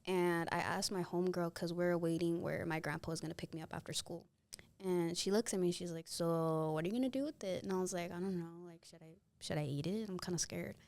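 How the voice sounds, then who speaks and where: Guesting on a podcast, a twentysomething woman with a fairly low voice speaks rapidly into a close mic, telling a casual story and acting out each person in it in a lively way. There's no room sound at all.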